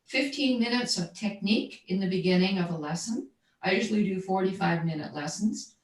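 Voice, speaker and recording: A woman's voice: mid-range voice, fairly quick. A woman who is a voice coach and jazz singer, explaining her methods in a conversational interview, often checking in with "right?" and repeating words as she searches for them. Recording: roomy echo, distant from mic.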